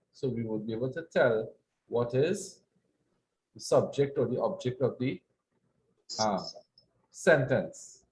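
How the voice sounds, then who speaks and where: In a classroom language lesson, a man with a medium-pitched, darkish voice teaches Arabic, explaining verb forms in English. He is patient, saying words for his students to repeat after him.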